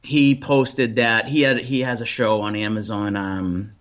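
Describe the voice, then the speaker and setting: A man from Boston with a Boston accent, chatting as a guest in a relaxed interview, rambling with lots of restarts and ums. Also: fairly low pitch, measured pace, lo-fi sound. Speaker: paranormal investigator guest. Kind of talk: casual interview chat.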